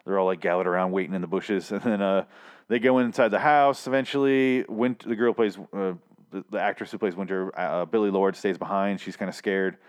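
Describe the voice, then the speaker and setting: A man with a fairly low voice talks through a TV episode in a loose, rambling monologue. He swears freely and drops sardonic asides into his own microphone. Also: fairly even intonation, fairly quick, clean tone. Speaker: show recap host. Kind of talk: casual TV recap monologue.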